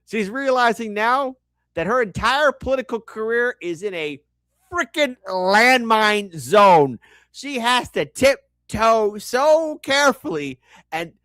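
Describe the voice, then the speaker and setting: A man hosting reaction commentary, animated and sarcastic, swearing often and talking with lots of fillers. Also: high-pitched, no echo, clean studio sound. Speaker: commentary host.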